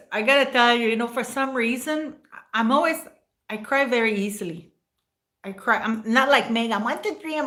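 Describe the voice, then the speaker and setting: A woman's voice: fairly high pitch, a bit bright. A woman hosting a casual livestream, rambling and emotional as she thanks viewers by name. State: near tears at times. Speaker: livestream host.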